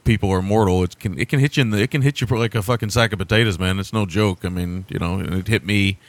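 A man's voice: lowish voice, fast talker, no room sound. A man hosting a podcast, chatting casually about movies in a rambling, profane way and laughing often. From America. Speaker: podcast host.

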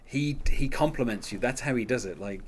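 Man, podcast host, casual rambling chat, lots of fillers, mid-pitched. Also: fairly quick, slightly rough. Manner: rambling, many fillers and restarts, laughs often. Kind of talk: casual music discussion.

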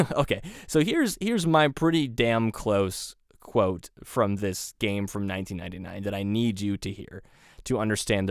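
A man's voice: lowish voice, dry recording, clean studio sound. Rambling sarcastic male podcast host. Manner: rambling, sarcastic, self-deprecating asides. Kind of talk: casual solo podcast monologue.

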